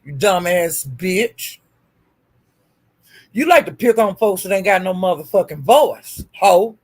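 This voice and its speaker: A woman's voice: lowish voice, expressive, takes it slowly. Profane trash-talking woman streamer. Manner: profane, taunting, repetitive insults; calls out to chat viewers by name. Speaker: livestream host.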